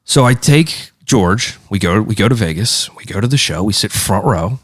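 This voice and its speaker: A man's voice: on the low side, moderate pace, husky, no room sound, studio quality. A man from Pittsburgh in the United States, a podcast guest, telling a story in a casual way, acting out the people he quotes and swearing freely. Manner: animated, acts out quoted voices, swears freely.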